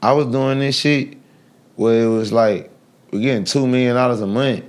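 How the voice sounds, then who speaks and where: A man, guest on a podcast interview, talking in a brash, animated way with loud bursts of laughter. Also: mid-range voice, normal speed, clear, resonant tone. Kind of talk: casual interview talk.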